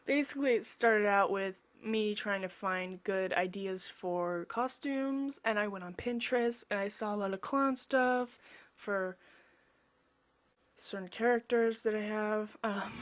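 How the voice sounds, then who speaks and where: A young woman chatting casually over her own drawing video, rambling and self-mocking, easily excited. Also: medium pitch, slow. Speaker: artist vlogger.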